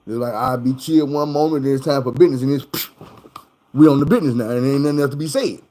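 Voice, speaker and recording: A man's voice: mid-range voice, quick pace, poor audio. A man casually telling a story in loose, profane street talk, acting out the people in it. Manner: animated, acts out the people in his story. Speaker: streamer.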